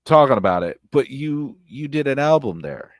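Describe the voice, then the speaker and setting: A man streaming blunt, profane commentary on online drama, repeating himself and breaking into loud outbursts. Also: medium pitch, sing-song, moderate pace, no room sound, studio quality. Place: home streaming setup. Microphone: close streaming mic.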